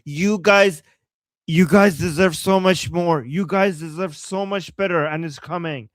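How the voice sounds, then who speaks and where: A man hosting a live show, excitedly commenting on news video and repeating himself. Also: high voice, measured pace, dry recording. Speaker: show host.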